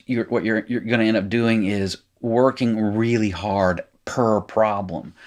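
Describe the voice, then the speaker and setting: A middle-aged man teaching biblical Hebrew, working through exercises in a loose, self-correcting way while writing. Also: on the low side. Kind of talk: informal recorded lecture, working exercises.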